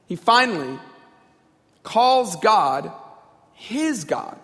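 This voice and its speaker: A man's voice: a little high, lively intonation, slow, fairly bright tone. A man preaching a sermon in a direct, conversational way, often asking the audience questions. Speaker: pastor. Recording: long reverb in a large hall.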